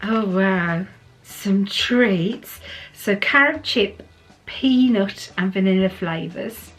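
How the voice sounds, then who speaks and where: An English woman from the UK, a vlogger chatting excitedly while unboxing gifts, gushing and laughing often and cooing playfully at her dogs. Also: medium pitch, takes it slowly. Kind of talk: casual unboxing chat.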